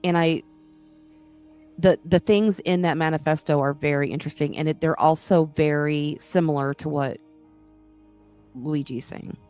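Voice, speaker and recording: A woman's voice: low voice, fairly even intonation, normal speed, long pauses, a little mellow, clear, resonant tone, soft background music. A woman hosting a casual podcast chat, talking in a frank, rambling way and often breaking off mid-sentence to restart. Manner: rambling, frank, self-interrupting. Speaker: podcast host.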